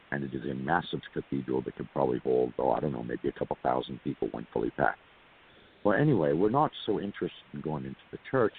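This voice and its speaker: A man's voice: rumbling low, vocal fry. A man from California telling a long personal story as an interview guest, rambling with repeated words and asides to listeners. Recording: tinny phone line with hiss.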